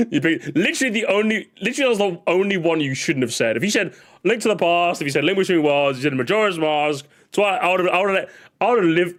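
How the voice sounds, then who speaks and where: A young man streaming a casual reaction to comments, sarcastic and jokey, often stammering and restarting his sentences. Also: fairly high pitch.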